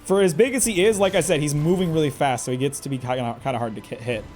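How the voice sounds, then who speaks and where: A man with a fairly high voice talks his way through a game on a live stream. He chats away, exclaims, and addresses the enemy, with faint music underneath. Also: fast talker, darkish tone. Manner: chatty, talks to himself and the enemy, exclaims often. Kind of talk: live gameplay commentary.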